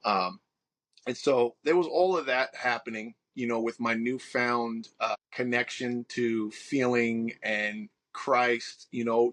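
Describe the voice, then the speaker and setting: A man's voice: mid-range voice, fairly bright tone. A man in his forties with a Long Island accent, a pastor telling his life story in a podcast interview, earnest and full of restarts. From Long Island, New York. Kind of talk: podcast interview, personal testimony.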